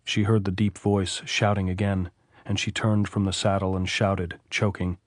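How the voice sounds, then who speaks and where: A man narrating a classic novel as an audiobook, in a steady, measured reading. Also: deep voice, no echo, clean studio sound.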